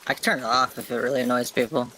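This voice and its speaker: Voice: mid-range voice, fairly even intonation, sharp tone, a little hiss or hum. A player in a game chat, joking about themselves and talking about their microphone setup. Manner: quick, self-mocking, talks about mic setup. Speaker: fellow player. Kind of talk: casual gaming chat.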